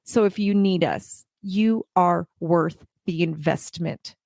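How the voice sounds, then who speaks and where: A woman's voice: on the low side, slow pace, gravelly, darkish tone, dry recording. Earnest woman host, dry close sound. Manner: earnest, emotional, repeats phrases for emphasis. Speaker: podcast host and child care business coach. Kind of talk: heartfelt live-stream talk.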